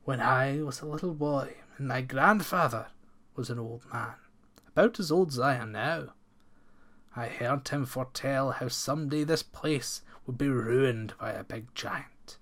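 A man reading aloud and voicing the oldest, wisest man of the countryside, who speaks slowly and solemnly in old-fashioned words. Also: medium pitch, fairly bright tone. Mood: grave. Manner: slow, solemn, archaic speech.

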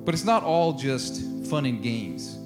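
A man's voice: medium pitch, very animated, measured pace, over loud music. A man preaching a sermon in a casual, conversational way, acting out quotes and laughing now and then. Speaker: pastor.

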